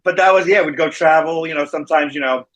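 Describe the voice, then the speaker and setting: A man's voice: a little high, quick pace, a bit bright, dull audio. A man with a New Jersey accent, a wrestling manager and guest, telling stories in a casual interview over a remote call. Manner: storytelling, acting out quoted voices.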